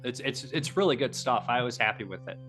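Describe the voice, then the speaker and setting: A bright, forward-sounding man talks in casual podcast chat, tumbling through his thoughts with many restarts and fillers. He swears freely and sounds keen on the subject. Faint music sits under the voice. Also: medium pitch, expressive, brisk. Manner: enthusiastic, rambling, frequent restarts and fillers. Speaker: podcast host.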